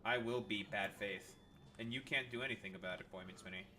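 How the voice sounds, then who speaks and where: A man's voice: fairly low pitch, a little fast, sharp tone, slight background noise. A man streaming a game, chatting casually and crudely with viewers and reading their messages aloud. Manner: crude, joking, reads chat aloud. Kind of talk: casual gameplay chat with viewers.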